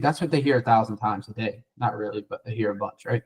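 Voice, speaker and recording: A man's voice: fairly low pitch, fast talker, darkish tone, poor audio. Guy coaching sales calls, blunt, swears a lot, acts out the callers and sellers. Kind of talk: coaching feedback after a sales role play.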